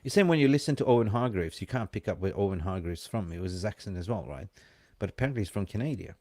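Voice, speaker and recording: Chatty excitable man with mixed accent. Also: on the low side, quick pace, dry recording, clean studio sound. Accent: mixed, hint of Australian. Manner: chatty, excitable, banter with viewers in chat. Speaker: fan channel co-host. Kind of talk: casual live-stream chat.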